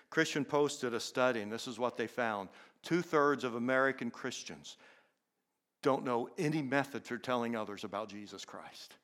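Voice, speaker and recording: A man's voice: mid-range voice, moderate pace, fairly bright tone. An older man preaching a sermon as a pastor, telling personal stories in an earnest way and often repeating words as he goes. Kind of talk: sermon storytelling.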